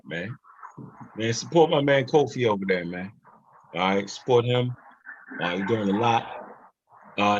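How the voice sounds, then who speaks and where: A man hosts a livestream show loosely and casually, tacking "man" onto his phrases. His voice sits on the low side. The audio is muffled and lo-fi, with slight background noise.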